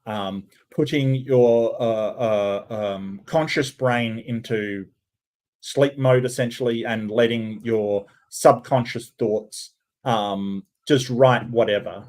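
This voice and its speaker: A man's voice: mid-range voice, slow, darkish tone. An Australian man hosting a reaction commentary, talking in a sarcastic, mocking way. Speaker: commentary host.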